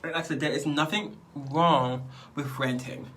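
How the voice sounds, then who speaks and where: A man's voice: on the high side, fairly even intonation, measured pace, bright, forceful tone, far from the mic, a little hiss or hum. A man vlogging casually while doing his skincare, rambling and chatty and laughing often. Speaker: beauty vlogger.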